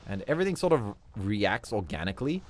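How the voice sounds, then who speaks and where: Low, lively-voiced man streaming a game. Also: a little fast, a little hiss or hum. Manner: upbeat, chuckles often. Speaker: livestream host. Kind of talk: casual gameplay commentary.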